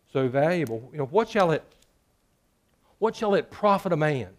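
A man preaching a sermon in a church, joking with the congregation and swinging between loud and hushed. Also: medium pitch. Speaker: pastor.

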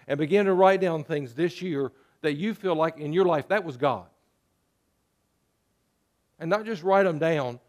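A man preaches a sermon as pastor in a conversational style, posing rhetorical questions to his listeners. His voice is on the high side.

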